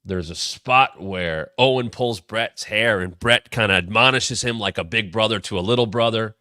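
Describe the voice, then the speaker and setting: A man's voice: lowish voice, moderate pace, pushed and bright, no echo, clean studio sound. A man in his thirties hosting a wrestling show, telling a storyline history in an enthusiastic, casual way with sudden bursts. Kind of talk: casual retrospective commentary.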